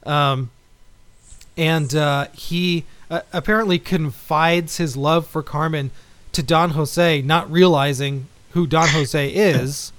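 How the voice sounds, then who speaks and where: Guy on a podcast, kinda high voice, lots of ums, dry close sound. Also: fairly even intonation, a bit bright, no room sound. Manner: halting, many fillers and restarts. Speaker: podcast co-host. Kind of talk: casual chat.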